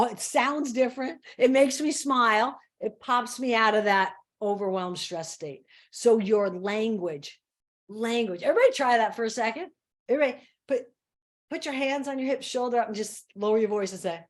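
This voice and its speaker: A woman motivational speaker giving an energetic, playful talk on stress and acting out her own self-talk. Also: normal speed. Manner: lowers her voice for a mantra. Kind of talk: live online talk on stress.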